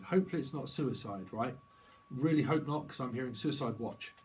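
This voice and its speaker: A man's voice: medium pitch, a little fast, a little mellow, a little hiss or hum, low-quality recording. A man giving a rambling psychic tarot reading, free-associating through wordplay and laughing at his own jokes. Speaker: tarot reader.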